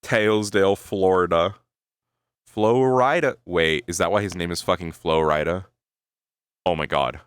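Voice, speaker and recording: A deep-voiced man streams at a normal speed, his clean tone recorded in studio quality with no room sound. He rambles casually to his viewers, thinks out loud, swears freely, and repeatedly tags on "right?"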